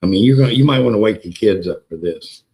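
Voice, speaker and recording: A man hosting a casual livestream, excitable and profane, greeting chatters by name and repeating words for emphasis. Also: fairly low pitch, fast talker, poor audio. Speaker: livestream host. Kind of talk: casual live-stream chat with viewers.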